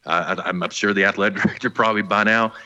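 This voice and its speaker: A former college football player co-hosts a sports talk show, rambling easily and restarting his sentences. His voice is very low, yet bright in tone. The recording sounds dull and lo-fi. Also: steady tone, fast. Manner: rambling, restarts often, easygoing.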